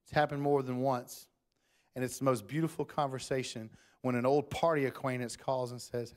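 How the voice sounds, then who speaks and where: A man's voice: medium pitch, steady tone, normal speed, darkish tone. A man preaching a sermon in church, talking conversationally to the congregation and closing in prayer. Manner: conversational Southern-style preaching, addresses crowd as y'all.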